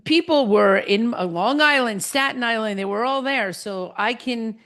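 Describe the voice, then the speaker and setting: A woman's voice: on the high side, normal speed. Chatty podcast host woman, New Jersey accent. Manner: chatty, animated storytelling. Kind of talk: casual chat.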